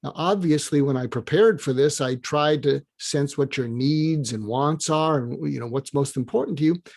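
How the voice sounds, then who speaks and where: An older man, a guest in an interview, giving advice through lively stories and acting out both sides of conversations. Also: a little high, normal speed, gravelly. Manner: animated, acts out dialogue in quoted voices. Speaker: guest, psychiatrist and business advisor.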